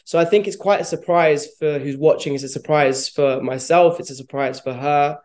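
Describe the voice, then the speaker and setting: A man's voice: on the high side, normal speed, a little mellow. A man, an actor answering interview questions in a reflective, rambling way, with frequent laughs. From London, England. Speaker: actor guest.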